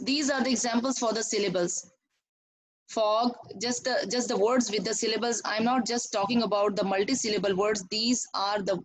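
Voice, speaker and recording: On a low-quality recording, a woman teacher with a Pakistani English accent and a mid-range voice gives a lesson. She explains things step by step, often repeats herself, and asks her students questions.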